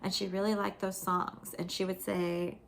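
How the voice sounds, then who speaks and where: A woman hosting her own parenting podcast, explaining things in a calm, unhurried casual monologue. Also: mid-range voice, gravelly, slight background noise.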